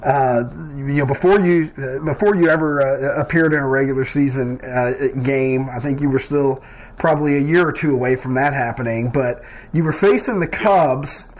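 A man hosting a radio interview who asks questions slowly, with many pauses and fillers. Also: mid-range voice, low-quality recording. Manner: halting, many fillers, slow and deliberate. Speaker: radio host.

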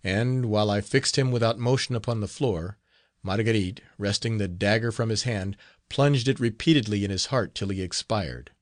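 A man narrating a classic novel as an audiobook, in a measured, dramatic reading. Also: fairly low pitch, dry recording, clean studio sound.

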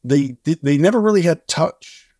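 A man's voice: fairly high pitch, normal speed, dry recording, clean studio sound. A middle-aged man, a singer-songwriter and charity co-founder, telling a long story in an interview and acting out the dialogue as he goes. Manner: animated storyteller who acts out dialogue.

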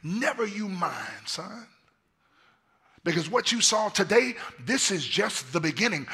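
A man voicing a calm, fatherly teacher who reassures a frightened follower, his voice a little husky. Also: high-pitched, unhurried, pitched above the performer's own voice, heavily acted. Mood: reassuring.

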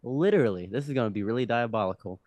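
A young man, a podcast guest, telling a story in casual chat, animated and laughing often, swinging between hushed and loud. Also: medium pitch, fast talker, no room sound. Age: young adult.

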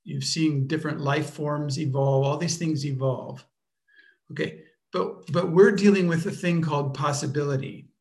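A man teaching a workshop off the cuff, speaking deliberately and searching for words with frequent restarts. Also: fairly high pitch, fairly even intonation, a little mellow. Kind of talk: unscripted workshop talk.

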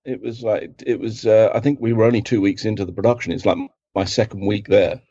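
Middle-aged London man, husky and lowish, rambling storyteller, dry lo-fi line. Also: steady tone, brisk, warm tone, no room sound. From England. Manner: rambling, self-correcting, acts out quotes in other voices. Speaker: guest, film assistant director. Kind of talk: casual anecdotal storytelling.

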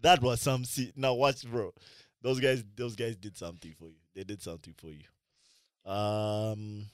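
A man in casual chat about movies, talking in slang with lots of "bro" and often trailing off into quieter asides. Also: on the low side, steady tone, unhurried, no echo, clean studio sound.

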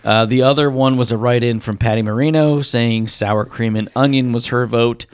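A man's voice: mid-range voice, steady tone, normal speed, clean tone, no room sound. A man hosting a casual podcast chat, reading out poll results and teasing his co-hosts. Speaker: podcast host.

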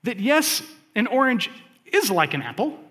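A man preaching a sermon, speaking to his congregation conversationally, with lots of fillers and animated asides. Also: extremely high pitch, normal speed, big-room sound. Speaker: pastor.

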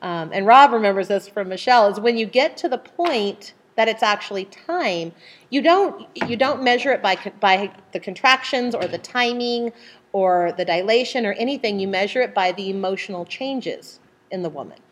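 A middle-aged woman leading a casual group Bible study, animated, full of restarts and acting out voices. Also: moderate pace. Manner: animated, acts out voices with sudden high outbursts.

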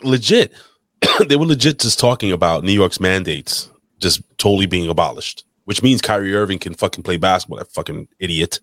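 Deep voiced guy just chatting on a podcast, cusses constantly, dry close mic. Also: fairly bright tone, no room sound. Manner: profane, rambling. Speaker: podcast co-host. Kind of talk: casual chat.

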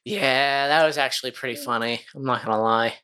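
Bright, excitable podcast co-host. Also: medium pitch, brisk, clean tone. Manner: excitable, profane banter. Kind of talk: casual chat.

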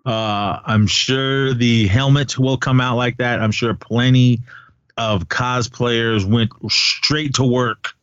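A man's voice: mid-range voice, steady tone, slow, fairly bright tone, clear, resonant tone, dry recording. A man in his forties co-hosting a casual fan chat, enthusiastic and rambling with many fillers. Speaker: podcast co-host. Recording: dull dry sound.

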